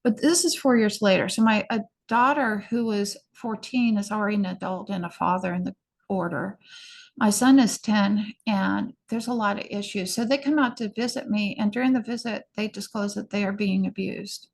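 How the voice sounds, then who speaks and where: Middle-aged woman, podcast guest. Earnest, hurried personal testimony, mid pitch, gravelly fry. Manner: earnest, hurried recounting with frequent restarts. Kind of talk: personal storytelling in an interview.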